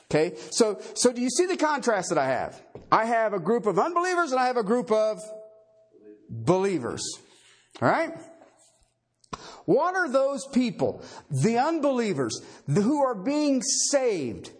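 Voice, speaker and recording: A man's voice: very high voice, huge pitch swings, a little slow, slightly rough. A man preaching a sermon, emphatic, quizzing his listeners with rhetorical questions and tagging points with "okay" and "all right.". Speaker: pastor.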